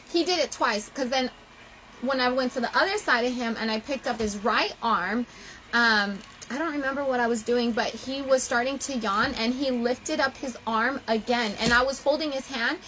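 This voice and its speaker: A young woman chatting straight to her viewers in a high, bright voice, animated and full of feeling, often gushing. A faint hiss of noise sits underneath her voice. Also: normal speed, poor audio. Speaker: vlogger. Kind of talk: casual chat to viewers.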